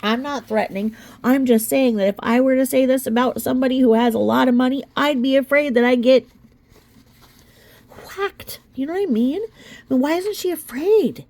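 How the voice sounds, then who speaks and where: A young woman reading a legal filing aloud, then breaking off into incredulous, animated reactions. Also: sits high, normal speed. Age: young adult. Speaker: commentary vlogger.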